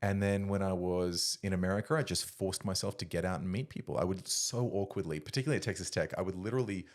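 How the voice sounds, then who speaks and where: A man in his thirties with an Australian accent, talking as a podcast guest in a halting, self-deprecating way, full of fillers. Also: sits low. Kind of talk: casual conversation.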